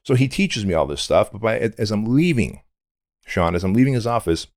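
A man's voice: on the low side, expressive, normal speed, a little mellow, no echo, studio quality. A middle-aged man from Armenia, a podcast guest telling his story in a blunt, intense, candid way with casual swearing.

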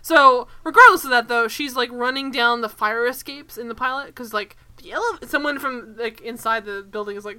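High bright ranting woman. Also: normal speed, few pauses. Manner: animated, ranting, swears a lot, laughs often. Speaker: podcast co-host. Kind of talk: casual chat.

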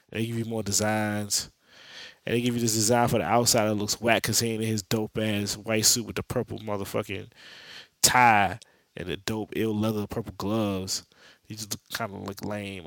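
A man's voice: fairly low pitch, fairly bright tone, dry recording. A man hosting a podcast, giving a rambling, profane, slang-filled recap of a comic book. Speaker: podcast host. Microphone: podcast mic.

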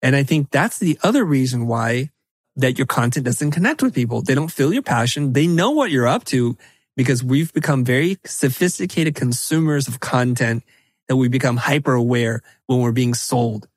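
Energetic, emphatic middle-aged man. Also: mid-range voice, normal speed, no echo. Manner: energetic and emphatic, drops into quoted asides. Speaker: podcast guest. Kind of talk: animated conversational podcast talk.

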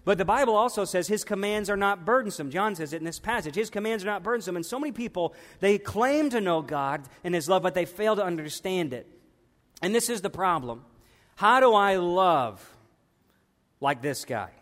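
A man's voice: high-pitched, lively intonation, moderate pace, a bit bright, long reverb tail. A man in his thirties preaching a sermon in a church, conversational and emphatic, repeating his points.

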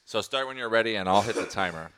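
A podcast host with a lowish voice keeps things relaxed and giggly. He sets up a silly game for his guests and laughs along with their jokes. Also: quick pace. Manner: laid-back, giggly, running the game. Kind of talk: casual joking chat.

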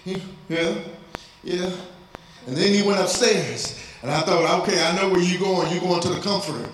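A man's voice: high-pitched, fairly quick. A man preaching a sermon as pastor, speaking of fatherhood and lifting his voice into pleading prayer. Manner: preaching, rising to cries in prayer. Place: church sanctuary. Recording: very echoey church hall, faint noise.

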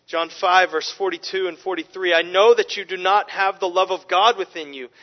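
Male preacher, emphatic sermon delivery, high voice, dull lo-fi recording. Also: moderate pace. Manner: animated, emphatic, with frequent restarts. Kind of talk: expository sermon.

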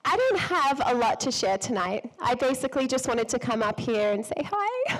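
A woman hosting a live church women's event, slightly hoarse from a cold, bubbly and effusive, laughing often as she speaks to the audience on a stage mic. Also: high-pitched, sing-song, normal speed, few pauses, low-quality recording. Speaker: event host. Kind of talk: enthusiastic welcome speech to a live audience. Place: event hall before an audience.

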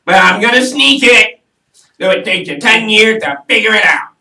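A man putting on a loud, boastful impression of a male politician, shouting brash slogans. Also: high voice, expressive, normal speed, creaky, voice pushed up, heavily acted. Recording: roomy, mic at a distance.

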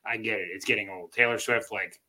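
A man co-hosting a casual sports podcast, rambling through game stats with fillers and a phlegmy, throat-clearing voice. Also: lowish voice, fairly even intonation, a little fast, sharp tone. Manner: rambling, restarts and fillers, stat-heavy. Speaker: co-host, Chiefs fan.

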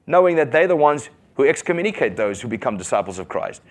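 Male pastor, lively and animated sermon delivery that speeds up in bursts. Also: medium pitch. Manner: animated, asks the congregation questions, quick bursts. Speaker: preacher.

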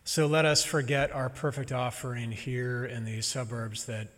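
A man preaching a sermon as a minister, gentle and reflective with touches of humor. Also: medium pitch, flat delivery, normal speed, in a large hall.

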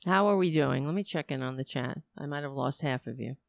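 Exasperated and swearing, a woman rants casually to her live chat on a home political stream, using a cheap mic with headphones. She has a bass voice, speaks fairly quickly with creak, and the recording is dry and studio quality.

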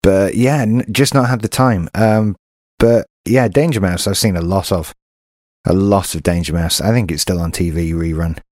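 Low-voiced wry English man chatting. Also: normal speed, darkish tone, dry recording. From England. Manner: chatty and wry, with dry asides. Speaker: podcast co-host. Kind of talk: casual chat.

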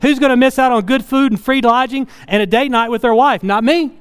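A middle-aged man preaching a sermon, telling a personal story in an earnest way that swings from loud to hushed and tearful. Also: very high voice, a little fast, clear, resonant tone, big-room sound. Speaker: pastor.

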